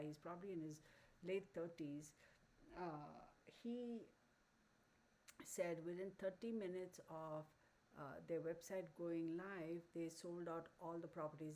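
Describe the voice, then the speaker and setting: A woman's voice: fairly low pitch, a little mellow, slight background noise, poor audio. A woman hosting a live stream, ranting bluntly and heatedly to her viewers, with heavy cursing and many fillers and restarts. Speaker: channel host.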